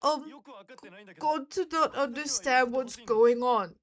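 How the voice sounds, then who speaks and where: A woman voicing a big, gentle, naive young man from a video game, speaking in soft, simple, halting broken grammar. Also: high voice. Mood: earnest.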